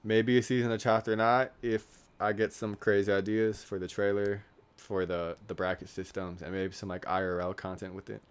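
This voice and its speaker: A man's voice: fairly low pitch, level tone, normal speed, hardly any pauses, clear, resonant tone. A young man talking casually to camera in a rambling, self-mocking way, joking about himself and his goals. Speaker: YouTuber. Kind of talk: casual vlog monologue.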